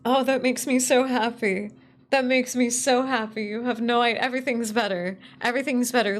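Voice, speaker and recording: A woman streaming live as a VTuber, chatting casually, excitable and giggly, swearing freely. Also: on the high side, moderate pace.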